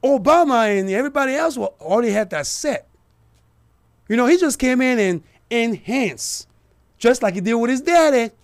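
High-voiced, gravelly ranting show host. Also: male voice, animated, moderate pace. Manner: heated and emphatic, addressing listeners directly. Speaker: radio talk show host. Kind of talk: political commentary monologue.

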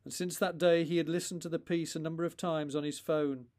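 Man reading a story slowly, fairly high voice. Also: fairly even intonation, a little mellow. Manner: slow, deliberate, with pauses between phrases. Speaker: author reading his own story. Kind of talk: measured storytelling narration.

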